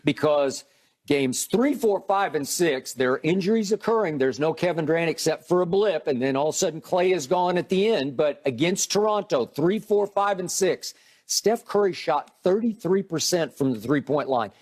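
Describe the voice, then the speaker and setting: A man's voice: a little high, lively intonation, a little mellow. Man narrating game clips in debate. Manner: measured, narrates clips, dismissive interjections. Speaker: sports debate co-host. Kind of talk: heated sports debate.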